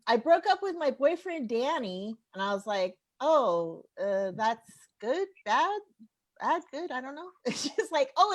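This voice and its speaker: Lively woman telling stand-up stories. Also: medium pitch. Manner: animated storytelling, laughs at her own jokes. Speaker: stand-up comedian. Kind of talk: stand-up set over a live stream. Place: home bar.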